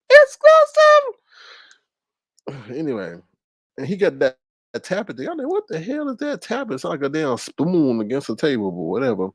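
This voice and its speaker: A man hosting a casual live-stream commentary, animated and laughing, with exaggerated high-pitched repeats of words. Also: fairly quick, no room sound. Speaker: commentary channel host.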